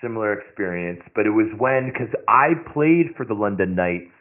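A man hosting a casual chat, talking quickly and chiming in with agreement. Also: fairly low pitch, lively intonation. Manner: quick, chatty, frequent agreeing. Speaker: podcast host. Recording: phone-like narrow sound.

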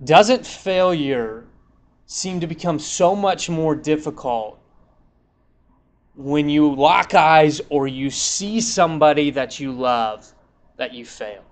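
A man's voice: on the high side, animated, takes it slowly. A young man preaching a sermon, retelling a scripture story in a casual, conversational way and acting out the quotes.

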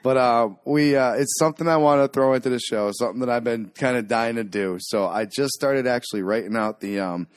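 A male podcast host chatting loosely with his co-host. He rambles, stumbles over words and drops casual profanity into his jokes. His voice sits at a middle pitch and sounds close and dry, with no room around it. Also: fairly quick, hardly any pauses, no echo. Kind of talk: casual chat.

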